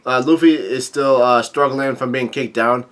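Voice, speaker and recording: Halting man recapping a comic. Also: medium pitch, fairly even intonation, a bit bright. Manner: halting, heavy with fillers. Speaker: manga chapter reader. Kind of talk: casual manga recap reading.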